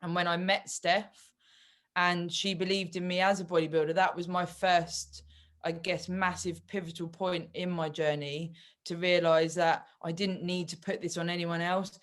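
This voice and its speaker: A woman hosting an interview, talking candidly about her experiences in a relaxed, conversational way. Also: lowish voice, moderate pace. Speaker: podcast host and bodybuilder. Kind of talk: casual interview talk.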